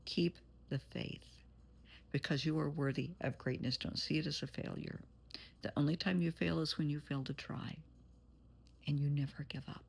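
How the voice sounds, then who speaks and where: Husky gravelly woman giving a pep talk. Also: low voice. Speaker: therapist. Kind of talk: encouraging direct-to-camera talk.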